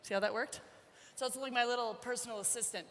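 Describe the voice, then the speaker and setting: A woman horse trainer giving a live riding demonstration, chatting, joking and softly coaxing her young horse. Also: on the high side, steady tone, fast. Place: large indoor arena. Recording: echoey arena with faint background noise.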